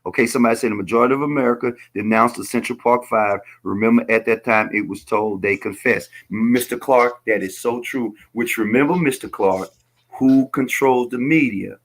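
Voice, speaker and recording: A man's voice: mid-range voice, normal speed. A man speaking as a guest on a casual political call-in show, emphatic and rambling, lecturing his listeners.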